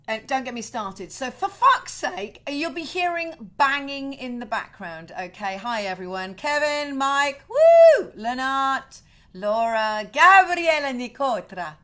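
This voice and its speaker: A woman's voice: fairly high pitch, a little slow. A woman hosting a livestream from her home over a webcam, chatting animatedly with viewers, greeting them with whoops and swearing freely in ranting bursts. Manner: excited whoops greeting fans by name. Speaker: singer-songwriter hosting a livestream.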